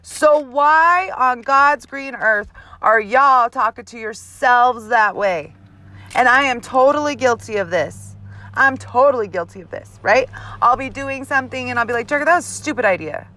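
Blunt, foul-mouthed mom giving a pep talk. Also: female voice, a little high, measured pace, pushed and bright. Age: adult mother. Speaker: host. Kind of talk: motivational vlog monologue.

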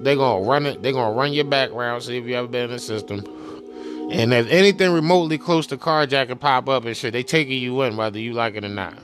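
A man talking loosely and profanely in a rambling casual monologue, full of fillers and repeated asides. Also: medium pitch. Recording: music playing behind the voice.

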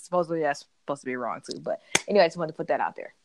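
Woman podcasting, kinda low voice, dry close sound, tells stories all animated. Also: rapid-fire, no echo. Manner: chatty storyteller, animated retellings. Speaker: podcast co-host. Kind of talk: casual chat.

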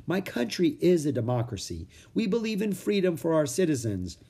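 A man voicing a kind, wise older philosopher in a children's storybook reading, slow and measured. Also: a little high, big pitch swings, mellow, husky, voice pushed up, heavily acted. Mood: regretful.

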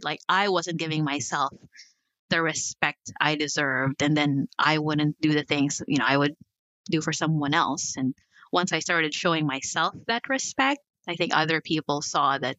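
A woman's voice: sits low, sharp tone, no echo, muffled recording. A woman guest speaking candidly in a casual podcast interview, full of asides and "like". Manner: candid, talks in quick asides with frequent "like" and laughs.

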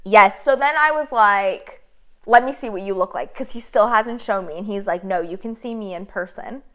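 Woman, casual chat, animated storytelling, swears a lot, acts out messages. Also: mid-range voice, moderate pace.

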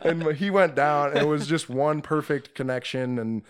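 A young man casually telling a profane, animated story as a podcast guest. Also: a little high, normal speed, clean tone.

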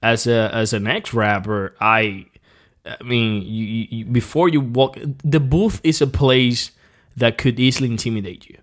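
A man's voice: medium pitch, a little slow. A former rapper sits in as a guest on a casual podcast recorded in a small home room. He has a mid-range voice and tells his stories with plenty of swearing, energy and stop-start restarts. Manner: profane, animated storytelling with many restarts.

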